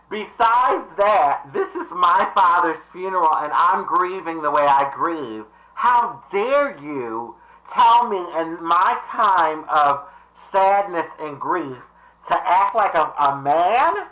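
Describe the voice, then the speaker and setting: Woman vlogger, middle-aged, sassy storyteller; low, lively pitch, unhurried delivery. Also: low-quality recording. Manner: animated, sassy, says "honey" often. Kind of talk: casual storytelling vlog.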